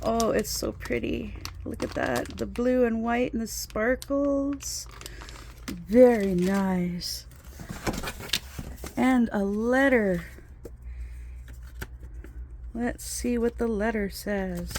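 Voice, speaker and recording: A woman unboxes craft kits, speaking slowly and with excitement, often gasping at what she finds. Her voice sits a little high. She holds the camera close in her trailer home, and faint background noise runs under her talk. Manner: excited, gasping and gushing over each item. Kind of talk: casual unboxing chat. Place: inside her fifth-wheel trailer home.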